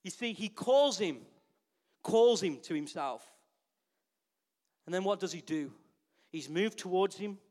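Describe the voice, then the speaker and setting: High-voiced preacher asking questions. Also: male voice, measured pace, pauses often. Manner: lively, asks the congregation frequent rhetorical questions. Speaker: pastor. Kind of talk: sermon.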